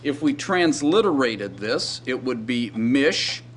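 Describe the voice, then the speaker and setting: Halting male Hebrew lecturer. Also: mid-range voice, lively intonation, slight background noise. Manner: halting, many ums and restarts. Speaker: Hebrew instructor. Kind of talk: recorded classroom lecture.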